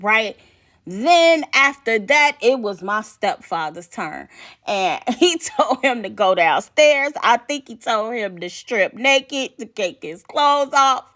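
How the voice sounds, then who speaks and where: A woman podcast host telling a personal story in an animated way, laughing often and checking in with the listener as she goes. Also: a little high.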